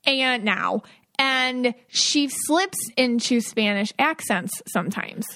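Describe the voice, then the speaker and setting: A woman's voice: a little high, lively intonation, slow pace, bright, forceful tone. A woman hosting a podcast, chatting casually and telling a rambling story with lots of fillers. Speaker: podcast host, psychic. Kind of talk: casual chat.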